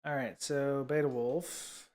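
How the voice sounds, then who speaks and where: A man's voice: mid-range voice, fairly even intonation, slow pace, darkish tone. A man hosting a casual livestream coding lesson, rambling with many fillers and sarcastic asides. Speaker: livestream host teaching coding.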